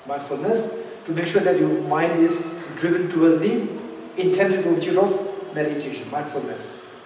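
A man's voice: on the high side, normal speed, a little mellow. A man giving a Buddhist dharma teaching who repeats key phrases as he explains them. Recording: echoey hall, distant mic, faint noise.

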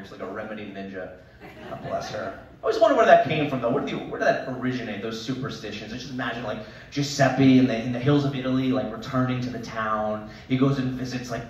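Thirties male stand-up comic with animated, exaggerated storytelling. Recorded at a distance in a reverberant venue, with faint ambience behind him. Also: mid-range voice, fast talker, highs cut off, a little hiss or hum. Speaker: stand-up comedian. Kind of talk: stand-up comedy set. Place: talent show stage at a winery. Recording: echoey hall, mic from a distance.

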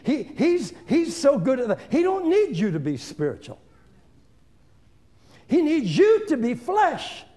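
A man's voice: very high voice, wildly swooping pitch, a little slow, long pauses, dark tone. A man in his seventies, an evangelist giving an informal seminar sermon in a folksy, emphatic, conversational way, talking straight to his listeners. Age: 70s. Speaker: evangelist preacher.

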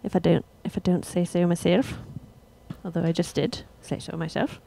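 A young woman musician casually chatting with her livestream viewers between songs, relaxed and rambling. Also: fairly low pitch, normal speed, vocal fry, slight background noise. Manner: relaxed, rambling, laughs at herself.

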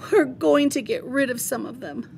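A woman's voice: high-pitched, moderate pace, gravelly, a little mellow, a little hiss or hum, pitched above the performer's own voice. Woman playing an exasperated fed-up mom. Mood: stern. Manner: stern, exasperated. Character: exasperated mother, firm and fed up.

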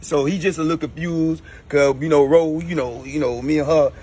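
A man's voice: on the high side, fairly even intonation, fairly quick, warm tone, slightly rough. A man in a comedy sketch talking in laid-back Southern slang, chuckling often.

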